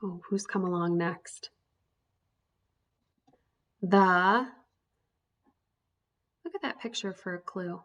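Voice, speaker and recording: A woman's voice: lowish voice, slow, long pauses, fairly bright tone. A woman teaching an early reading lesson to young children, sounding out letters one by one in an encouraging way.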